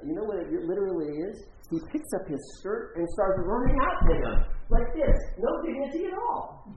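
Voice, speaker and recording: In a roomy, slightly dull church recording with slight background noise, a pastor preaches a sermon built around a story, acting out its characters' voices. His voice is mid-range, creaky, and dark.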